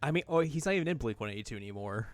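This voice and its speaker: A man co-hosting a chatty podcast, with a smooth, clear voice recorded dry and close on the mic. He jokes and laughs often and fills his talk with "like" and "you know". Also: medium pitch, animated, very fast, no room sound. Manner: jokey, laughs often, many fillers. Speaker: podcast co-host. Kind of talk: casual chat.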